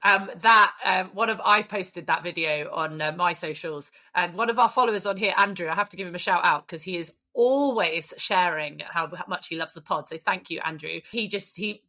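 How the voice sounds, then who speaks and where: A woman's voice: fairly low pitch, moderate pace, few pauses, sharp tone. A woman co-hosting a podcast, chatting and gossiping with plenty of laughs. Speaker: podcast co-host. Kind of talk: casual chat.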